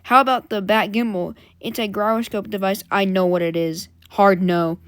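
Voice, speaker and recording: A woman voicing a brooding young male masked vigilante from a comic, using a lowered voice and curt, clipped refusals. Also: fairly even intonation, normal speed, no echo, studio quality, lightly acted. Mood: dismissive.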